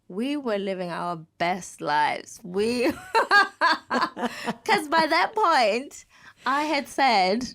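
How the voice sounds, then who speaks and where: A woman's voice: a little high, extremely slow. A woman in her thirties, a podcast guest, telling a story in casual chat and acting out what other people said. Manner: animated, acts out quoted people.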